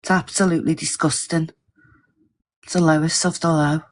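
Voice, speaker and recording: A woman's voice: sits low, little pitch movement, moderate pace. A woman co-hosting a live stream, earnest and agreeing, chiming in on the talk.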